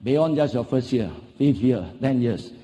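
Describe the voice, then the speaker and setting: A man's voice: medium pitch, lively intonation, unhurried, dark tone. A middle-aged man with a Singaporean English accent giving a motivational keynote, emphatic, repeating key phrases and throwing rhetorical questions at the audience. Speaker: motivational speaker. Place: large conference hall. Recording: long hall reverb.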